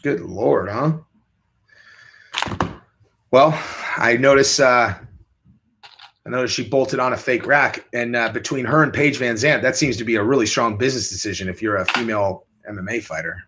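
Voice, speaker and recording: A young man hosting a relaxed livestream reads viewer questions and rambles in a crude, careless way, adopting high mocking voices for quotes. His tone is fairly bright, his pace moderate with long pauses, and there's a little hiss or hum in the recording.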